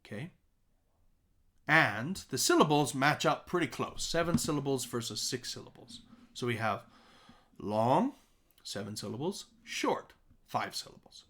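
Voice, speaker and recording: Animated male music teacher. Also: mid-range voice, unhurried, pauses often, slight background noise. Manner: animated, chanting rhymes as examples; checks in with "okay?" and "right?". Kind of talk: recorded music lesson.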